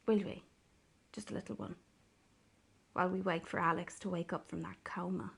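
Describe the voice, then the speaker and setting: A crude Irish presenter off-air. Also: female voice, lowish voice, fairly even intonation, normal speed, gravelly, fairly bright tone, slight background noise. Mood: coaxing. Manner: coarse, jokey, wheedling.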